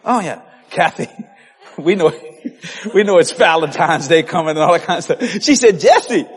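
A male preacher delivering a lively sermon, shouting and laughing, stretching out key words. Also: on the high side. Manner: animated, shouting, laughing, drawn-out emphasis.

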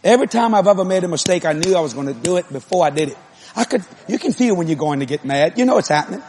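A man preaching a sermon, moving between conversational asides to the congregation and loud, emphatic repeated lines. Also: sits high, animated, racing, slight background noise.

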